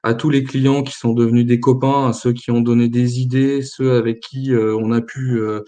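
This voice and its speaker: A man from France with a French accent, a company founder guesting on a livestream, speaking hesitantly with many filler pauses. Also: mid-range voice, little pitch movement, dark tone, slight background noise. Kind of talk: casual livestream interview.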